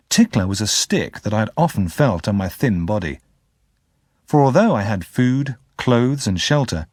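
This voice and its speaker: Expressive male audiobook narrator. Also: lowish voice, dry recording, clean studio sound. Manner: expressive, lively. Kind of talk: scripted narration.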